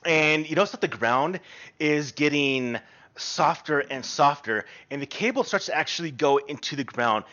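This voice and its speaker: A man runs a tabletop game, his pitch sitting a bit high and swinging widely as he describes each scene. He pauses on fillers while he narrates. The sound is dull and lo-fi, like an online call. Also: lively intonation, sharp tone. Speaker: game master.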